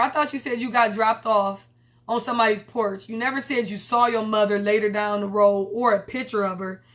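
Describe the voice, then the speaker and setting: A woman recapping a TV episode in casual, profane chat, bluntly retelling scenes in her own words and voices. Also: a little high. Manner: blunt, profane, animated storytelling with quoted voices. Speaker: TV recap host.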